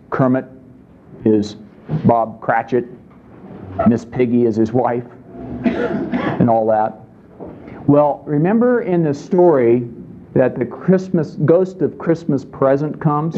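A pastor delivers his sermon conversationally, often asking the congregation questions. His voice is medium-pitched and warm. The recording is lo-fi with slight background noise.

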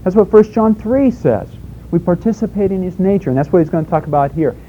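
A man's voice: high-pitched, a little fast, highs cut off, slight background noise. A man preaching a sermon in a conversational way, asking rhetorical questions and telling homespun stories.

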